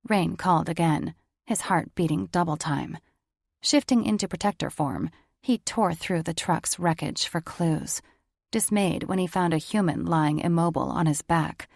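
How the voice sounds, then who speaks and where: Gravelly woman narrating an audiobook. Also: low voice, moderate pace, a little mellow, dry recording, studio quality.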